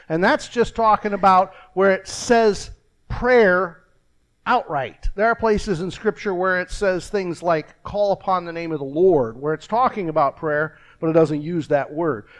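An older man preaching a folksy, rambling sermon with a joke, pausing and restarting often. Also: sits high, a bit bright. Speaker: pastor.

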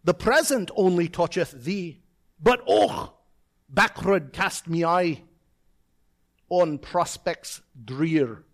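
A preacher putting on a slow Scottish verse reciter. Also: male voice, high-pitched, animated, exaggerated voice. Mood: rueful. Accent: put-on Scottish. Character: Scots farmer-poet reciting verse, grave, rueful.

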